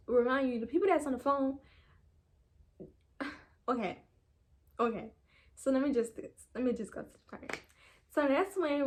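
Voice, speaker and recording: A young woman vlogger chatting casually, retelling a story in a rambling, animated way with quoted voices. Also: a little high. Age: young adult.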